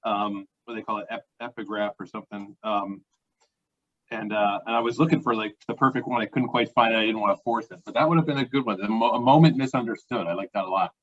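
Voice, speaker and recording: A man joining a class as a guest over a video call, talking casually with hesitant pauses. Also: fairly low pitch. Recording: dull lo-fi video call audio.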